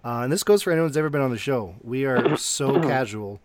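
A man hosting a casual podcast chat, animated and laughing a lot. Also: mid-range voice, a little fast, background noise. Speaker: podcast host.

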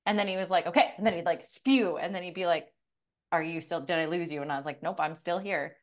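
She's a middle-aged coach co-hosting a podcast, and her voice runs on the low side at a quick pace. She relays a personal story with profane, blunt candor, acting out what people said.

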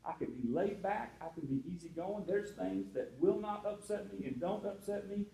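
Male pastor, high voice, chatty sermon with asides, roomy echo. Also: expressive, moderate pace, gravelly, warm tone, a little hiss or hum. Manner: conversational preaching with asides to the congregation.

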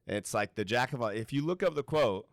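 A man's voice: mid-range voice, lively intonation, brisk, dry recording, studio quality. A male guest speaker and voice performer in a casual panel talk, telling stories animatedly and acting out quotes, in front of a student audience. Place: university lecture hall before a student audience.

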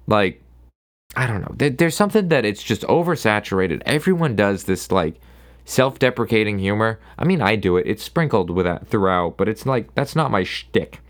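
Hosting his own podcast alone, a man with a lowish, very animated voice speaks at a moderate pace. His style is rambling and sarcastic, and he keeps cutting himself off to start sentences over.

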